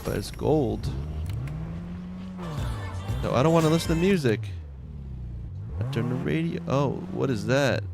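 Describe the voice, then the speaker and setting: A man's voice: medium pitch, expressive, measured pace, gravelly, pauses often, music in the background. A man with a Long Island accent giving casual commentary as he plays a game, chatty and muttering to himself while he loots. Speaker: game streamer.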